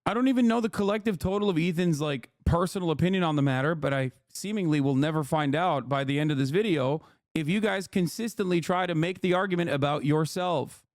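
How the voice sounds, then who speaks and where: A man's voice: fairly high pitch, fairly quick, no echo, studio quality. A man hosting a livestream, lecturing his chat in an exasperated, profane rant. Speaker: livestream host.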